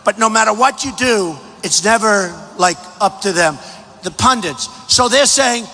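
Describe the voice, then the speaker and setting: A man delivers a rally speech in a high, bright voice that rings through a huge hangar with a long echo. He is boastful and repeats himself, and he often rises to a shout. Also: expressive, a little slow. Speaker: presidential candidate. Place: large packed hangar. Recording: echoey hangar hall.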